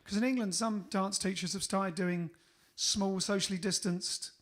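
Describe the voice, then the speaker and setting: A man with a high-pitched speaking voice chats loosely on a band's livestream. He rambles and jokes, drifting off mid-sentence before picking the thread back up. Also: fairly even intonation, normal speed, fairly bright tone. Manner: rambling, jokey, trails off. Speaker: band singer and co-host. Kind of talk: casual chat on a livestream.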